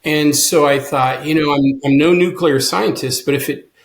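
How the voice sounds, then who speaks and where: Middle-aged male guest, earnest storyteller, voices the dialogue in his story, a touch high. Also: steady tone, normal speed. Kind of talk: storytelling interview.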